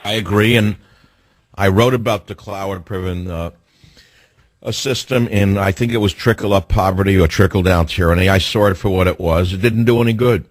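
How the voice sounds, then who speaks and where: A man's voice: sits low, normal speed, dry recording. A man hosting a call-in talk radio show, lecturing his callers in a combative way.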